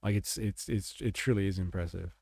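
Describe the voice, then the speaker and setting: A man's voice: low-pitched, steady tone, brisk, creaky, darkish tone, no room sound, studio quality. A man giving casual, sarcastic political commentary on a livestream, rambling and reacting to clips. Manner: live-translates German clips.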